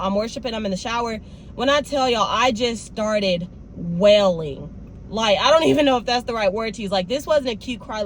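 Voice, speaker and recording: A young woman vlogger with a fairly high voice chats casually and energetically to her viewers, with slight background noise. She talks right to them, calling them "y'all" and "baby."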